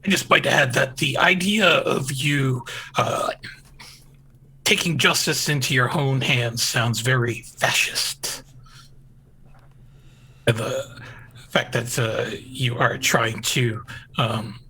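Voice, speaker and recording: An idealistic male activist arguing with corporate executives in a tabletop roleplay, as a man acts him out. He speaks slowly and haltingly, filling his pauses, in a bright, forceful tone. Faint noise sits behind him. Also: medium pitch, poor audio. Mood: earnest. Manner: hesitant, many fillers.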